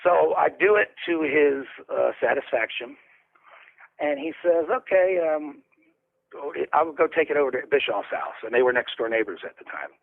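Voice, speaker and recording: Male interview guest, gravelly and husky, rambling profane storyteller, tinny phone-line sound. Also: fairly high pitch, sing-song, normal speed. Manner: rambling, profane, laughing anecdotes. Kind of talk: casual storytelling.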